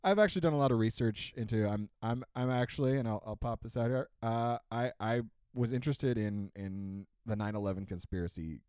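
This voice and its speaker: A man's voice: medium pitch, a little fast, few pauses, a little mellow, smooth, dry recording. A man on a podcast, chatting casually in a sarcastic rant, full of fillers and restarts. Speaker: podcast co-host. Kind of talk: casual ranting chat.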